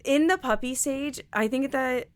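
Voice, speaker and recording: A young woman with a high-pitched voice co-hosts a casual podcast chat, speaking unhurriedly with no echo. She rambles, using lots of fillers and restarts.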